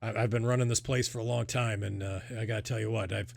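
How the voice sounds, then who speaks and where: An older halfling innkeeper with gray hair teases his customers in a blustery, folksy way, as a man puts him on. His voice sits a little low and his talk stays loose and joking. It is a character from a tabletop game. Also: steady tone, fast talker, creaky, no room sound. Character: older gray-haired male halfling innkeeper, gruff and teasing.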